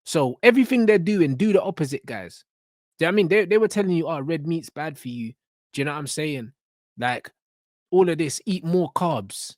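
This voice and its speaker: A young man ranting in reaction commentary, blunt and full of street slang and swearing. His voice sits a little high. The sound is dry and close. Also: lively intonation, brisk, dry recording. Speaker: reaction channel host.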